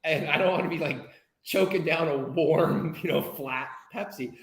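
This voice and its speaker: An American man telling a personal story in an animated, candid way, sometimes swearing. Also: fairly high pitch, moderate pace, roomy sound, rough recording. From United States. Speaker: guest speaker. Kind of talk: casual storytelling.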